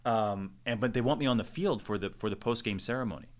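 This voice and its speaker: A middle-aged man, a stadium announcer, telling stories in a relaxed podcast interview and acting out the people he quotes. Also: lowish voice, fast talker. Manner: animated storyteller, acts out quotes. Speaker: stadium public address announcer, podcast guest. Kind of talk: casual storytelling interview.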